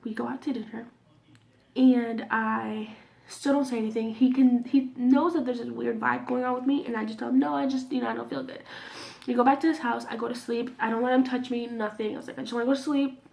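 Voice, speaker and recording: A woman's voice: fairly high pitch, steady tone, a little fast, gravelly, a little mellow. A woman in her twenties telling a personal story to camera in a casual, candid way, swearing freely and sometimes dropping almost to a whisper. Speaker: vlogger.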